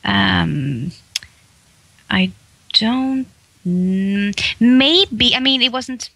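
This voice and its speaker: A woman's voice: mid-range voice, animated, extremely slow, gravelly, fairly bright tone, no echo. A woman with a Swedish accent, a voice actress and comedian chatting in an interview, laughing often and restarting sentences. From Sweden. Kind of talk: casual interview chat.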